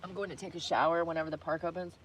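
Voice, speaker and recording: A woman's voice: on the low side, fairly even intonation, rapid-fire, a little hiss or hum. A woman vlogging casually, rambling through asides and laughing often. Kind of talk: casual chat to camera.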